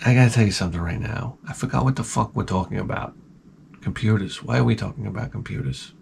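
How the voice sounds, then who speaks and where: A man hosting his channel, telling comedic stories in a loud, animated, profane rant and acting out people in high, shouted voices. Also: fast, gravelly, a little hiss or hum. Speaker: channel host.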